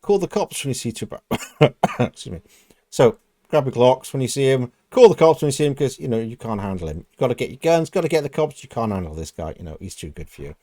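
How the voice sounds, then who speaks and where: A man's voice: medium pitch, very animated, fast, warm tone, no room sound, clean studio sound. A man hosting a music reaction video, thinking aloud in a casual, musing way with frequent "kind of" and "you know". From United Kingdom.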